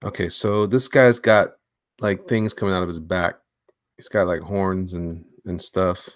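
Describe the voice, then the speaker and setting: A man hosting a casual live stream from his home studio while drawing, talking in slang and swinging between hyped greetings and low mumbles. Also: a little slow, dry recording. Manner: animated, slangy, hyped one moment and mumbling low the next. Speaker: livestream host and comic illustrator.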